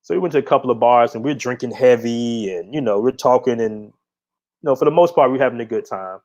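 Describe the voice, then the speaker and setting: A man's voice: medium pitch, fast talker, darkish tone. A middle-aged man hosting his own channel, telling a story in a casual monologue with a blunt, profane, laid-back manner. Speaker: channel host. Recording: dull lo-fi audio.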